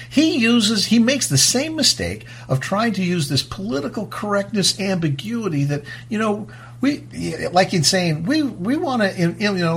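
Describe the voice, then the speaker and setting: A man hosting a talk show, speaking in a fast-paced, emphatic way and often restarting his words. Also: on the high side, husky. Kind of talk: casual talk-show monologue.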